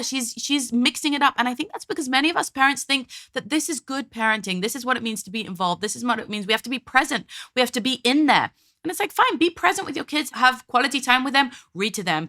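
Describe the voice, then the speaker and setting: A woman's voice: on the high side, bright, forceful tone. A woman hosting a parenting show, commenting on video clips in a direct, emphatic, conversational way. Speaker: host, parenting coach.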